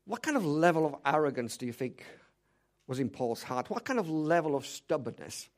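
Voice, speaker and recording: A man's voice: a little high, sing-song, normal speed. A man preaching a sermon, emphatic and direct, firing rhetorical questions at the congregation. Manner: direct, speaks to the congregation as "you".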